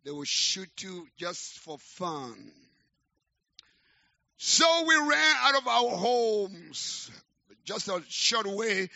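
A middle-aged man, preaching a sermon as a pastor and telling his story with rising, shouted exhortation. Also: high voice, vocal fry, no room sound. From Liberia. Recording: dull, lo-fi sermon recording.

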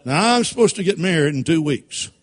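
A man preaching a sermon through folksy, animated personal stories and laughing at his own tales. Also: a little high, brisk. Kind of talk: sermon storytelling.

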